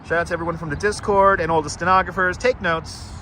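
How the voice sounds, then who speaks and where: Brief: talkative New guy, raised-ish pitch, bright edgy tone, clip-on mic on a city walk, faint traffic behind. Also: fairly even intonation, fast talker. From Brooklyn, New York. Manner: chatty, rambling, greets viewers by name. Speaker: live-stream host. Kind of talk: casual walking live stream. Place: outdoors on city streets, walking. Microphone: wireless clip-on mic.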